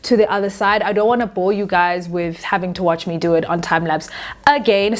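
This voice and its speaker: A young woman hosting a hair tutorial, talking casually and directly to her viewers. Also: medium pitch. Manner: chatty, talks straight to viewers as "guys".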